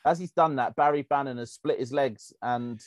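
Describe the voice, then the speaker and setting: Animated football podcast man. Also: mid-range voice, normal speed, no echo. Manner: animated, laughing storyteller. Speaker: podcast co-host. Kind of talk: casual football chat.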